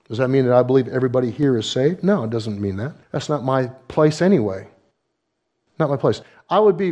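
Emphatic preaching man, higher voice. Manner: emphatic preaching with rhetorical questions and big swings in pitch and loudness; slows down to stress key words. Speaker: pastor. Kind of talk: sermon.

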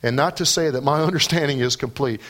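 A man preaching a sermon, emphatic, climbing high on scripture and key points and often repeating words as he starts a phrase. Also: fast, fairly bright tone. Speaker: pastor.

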